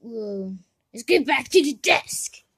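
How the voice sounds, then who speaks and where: High, gravelly woman doing comic voice-over. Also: animated, takes it slowly, no room sound, studio quality. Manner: jumps between mumbled asides and shouted outbursts. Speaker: narrator and voice actor of a fan animation. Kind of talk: comedic fan-animation voice-over.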